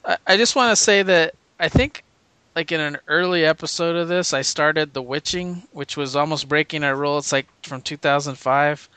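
A man chats with enthusiasm, tripping over restarts and breaking into laughter as he talks. His voice is bright and crisp, slightly higher than most men's, and sounds close and dry. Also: normal speed, no echo. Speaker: podcast co-host. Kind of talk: casual chat.

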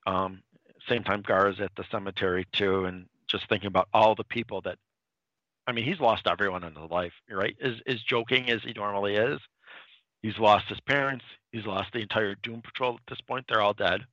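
A man's voice: on the low side, a little fast, dry recording, lo-fi sound. A man casually recapping a comic book plot on a podcast, rambling with restarts and acting out lines. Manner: animated, dips into quoted character lines. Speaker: podcast co-host.

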